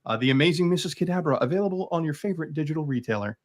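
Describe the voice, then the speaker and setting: A man's voice: fairly high pitch, expressive, rapid-fire. A man chatting casually and eagerly about his collection as a guest creator, rambling with lots of fillers. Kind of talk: casual video chat.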